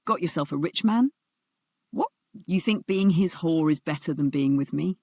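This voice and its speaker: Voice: medium pitch, expressive, normal speed, darkish tone, no echo. A narrator voicing a drunk, raging young man who slurs and shrieks his threats, in a narrated drama story. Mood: drunk sneering.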